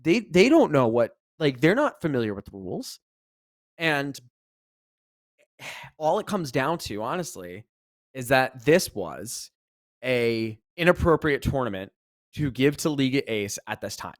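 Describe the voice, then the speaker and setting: A man co-hosting a casual podcast, telling a story with animation, rising loud when exasperated and swearing freely. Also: mid-range voice, sing-song, unhurried, long pauses, dry recording, clean studio sound. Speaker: podcast co-host, esports commentator.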